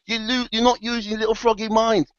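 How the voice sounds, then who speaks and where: Man putting on a sly scorpion, coaxing, insistent, higher voice, dry muffled sound. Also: normal speed, fairly bright tone, clear, resonant tone, dry recording, lightly acted. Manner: coaxing, persuasive, high and insistent. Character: sly male scorpion pleading for a ride.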